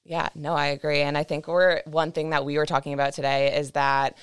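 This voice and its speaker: A woman's voice: low-pitched, flat delivery, a little fast, clear, resonant tone. A young woman co-hosting a fitness podcast in casual chat, upbeat and playful. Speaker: podcast co-host.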